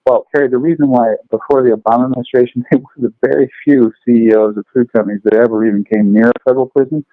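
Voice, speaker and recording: A man teaching food law, telling long lively stories and acting out the people in them. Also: mid-range voice, fast, no room sound. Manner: animated, acts out characters in his stories. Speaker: food law lecturer and podcast guest. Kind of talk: lively storytelling chat. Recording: dry, phone-like line.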